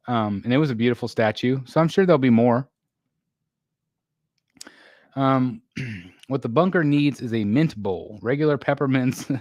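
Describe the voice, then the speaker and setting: A man's voice: mid-range voice, dry recording, studio quality. Tired, rambling man hosting a live stream. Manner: rambling, filler-heavy, tired and yawning, clears throat often. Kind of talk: casual live chat reading viewer comments.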